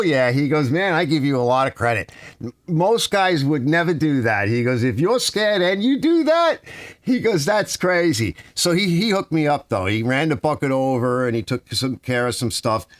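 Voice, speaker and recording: A man's voice: fairly high pitch, fairly bright tone, dry recording, studio quality. A middle-aged man hosting a casual live stream, reading chat comments aloud and telling long rambling stories with lots of "you know" and "right?".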